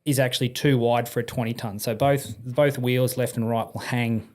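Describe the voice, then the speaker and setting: A man's voice: mid-range voice, normal speed. A middle-aged Australian man, a podcast guest, telling casual stories and acting out the people in them, often laughing. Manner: animated, acts out voices in anecdotes, laughs often. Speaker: podcast guest, army and police veteran. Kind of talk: casual storytelling.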